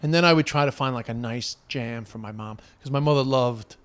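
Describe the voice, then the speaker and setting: A man's voice: medium pitch, fairly quick. A man with a Cork Irish accent co-hosting a casual podcast chat, blunt and sweary, often stammering as he restarts. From Ireland. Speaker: podcast co-host.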